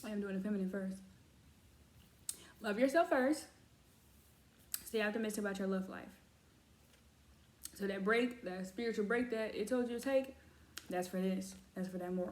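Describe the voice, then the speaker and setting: A woman's voice: medium pitch, moderate pace, long pauses, a little mellow, reverberant. A woman giving a casual oracle card reading, talking chattily and calling her viewers y'all. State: has cramps. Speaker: tarot reader.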